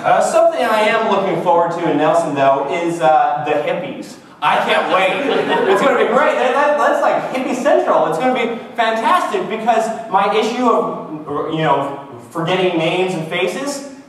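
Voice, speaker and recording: A man's voice: high voice, lively intonation, normal speed, crowd noise. A man in his twenties from Canada, joking and mocking himself in a casual comic monologue to camera. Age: 20s. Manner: joking, self-mocking, wry. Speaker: vlogger. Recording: echoey room, far from the mic.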